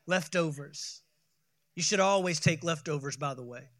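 A pastor preaching a sermon, building to loud emphatic peaks and calling for the congregation to respond. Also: male voice, fairly high pitch, normal speed, no echo. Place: church sanctuary.

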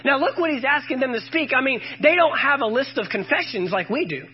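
Male preacher with a high voice, emphatic and call-and-response, on a muffled recording. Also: expressive, a little fast, husky. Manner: emphatic, calls out to the congregation and quotes scripture. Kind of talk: sermon.

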